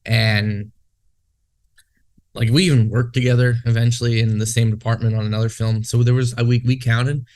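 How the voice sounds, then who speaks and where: A man in a loose, casual podcast conversation, his voice sitting at an ordinary middle pitch. He swears a lot and drifts from one tangent to the next. The delivery is unscripted and talky. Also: level tone, moderate pace, a little mellow. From Western Canada. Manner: profane, rambling, goes off on tangents. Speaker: podcast co-host.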